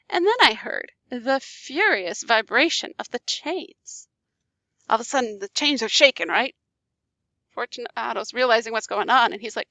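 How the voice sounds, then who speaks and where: A woman's voice: high-pitched, vocal fry, dry recording. A woman teacher reading a classic story aloud and explaining it in casual asides. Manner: animated, casual asides checking in with listeners.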